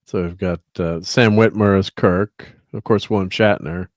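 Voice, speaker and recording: A man's voice: low voice, steady tone, normal speed, dry recording, studio quality. A man hosting a casual livestream chat, rambling with lots of fillers and chuckles while he fiddles with his slides. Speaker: host.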